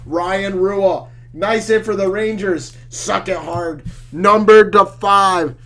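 A man doing a brash, loud card-break loudmouth. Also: sits high, heavily acted. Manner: loud, trash-talking, exclaiming. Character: brash excitable male card-collecting loudmouth. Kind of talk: card-break commentary in character.

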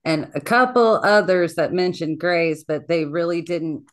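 Female guest, lower voice, brief factual interjections. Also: unhurried, crowd noise. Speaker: podcast guest. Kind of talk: podcast conversation.

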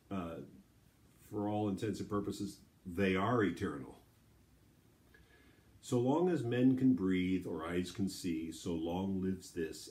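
A man reciting a sonnet and explaining it line by line, with slow, deliberate readings between plain explanatory asides. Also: sits low, darkish tone. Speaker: poetry reader and teacher.

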